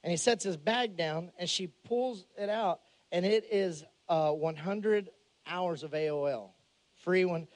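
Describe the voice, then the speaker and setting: A man preaching a humorous storytelling sermon, animated and joking, shouting some lines for emphasis. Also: high-pitched, unhurried. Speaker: pastor.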